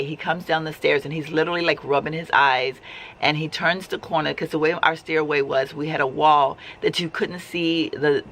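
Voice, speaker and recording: A woman's voice: low voice, a bit bright, slight background noise. A woman sharing a personal faith testimony in casual, heartfelt storytelling, talking conversationally with frequent restarts.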